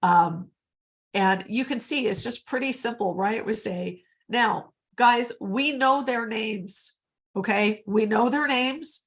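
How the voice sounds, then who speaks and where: Woman coaching agents over a video call, chatty and upbeat, bit of vocal fry, keeps saying guys. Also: fairly high pitch, slow pace. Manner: chatty, upbeat, often addresses the audience as guys. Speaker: real estate sales coach. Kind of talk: live online coaching session.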